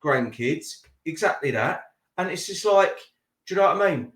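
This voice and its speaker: A man's voice: fairly high pitch, expressive, moderate pace, a bit bright. A man in his thirties hosting an interview, talking in a heated, rambling way and repeating words as he goes. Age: 30s. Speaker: interview host. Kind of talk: casual interview chat. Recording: echoey room.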